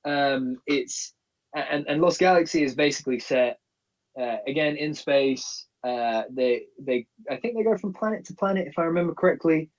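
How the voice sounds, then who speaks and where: A man's voice: on the high side, normal speed, distant mic, lo-fi sound. A man co-hosting a casual live stream, rambling and restarting as he explains things he loved growing up. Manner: rambling, many restarts, nostalgic fan explaining. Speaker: co-host.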